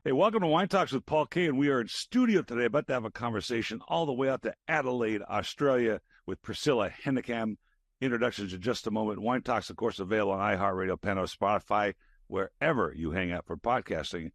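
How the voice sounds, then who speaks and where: An older man hosting a podcast from a studio, rambling chattily with fillers and trailing into lower murmurs. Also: fast, dry recording. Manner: rambling with fillers, drops to a low mutter. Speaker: podcast host. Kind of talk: casual interview chat.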